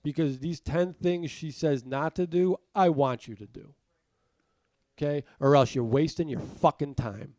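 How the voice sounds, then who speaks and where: A man's voice: on the high side, unhurried, darkish tone, no echo. A man co-hosting a podcast, ranting with a lot of profanity in casual chat and sounding congested. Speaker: podcast co-host.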